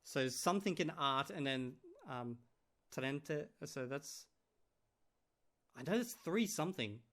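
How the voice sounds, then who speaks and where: A man's voice: mid-range voice, lively intonation, unhurried, fairly bright tone. A man vlogging in casual chat, translating clips aloud with many fillers and restarts. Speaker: vlogger reviewing a language course.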